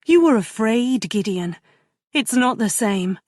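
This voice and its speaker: A woman voicing a shy, gentle young governess, speaking softly in a raised, tremulous voice. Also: mid-range voice, expressive, a little slow, no echo, studio quality, voice pushed up. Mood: tender.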